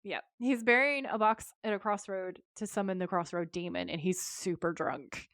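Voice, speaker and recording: A woman co-hosting a podcast, recapping an episode in casual chat and acting out the characters' lines with quick shifts of voice. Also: mid-range voice, fairly bright tone, dry recording, studio quality. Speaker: podcast co-host.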